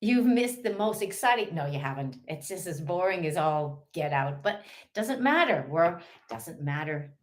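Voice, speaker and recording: A woman's voice: lowish voice, sing-song, a little slow, hardly any pauses. An Irish woman chatting casually on a live stream, playful and chatty, mumbling asides to herself and bursting into giggles. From Ireland. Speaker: livestreamer.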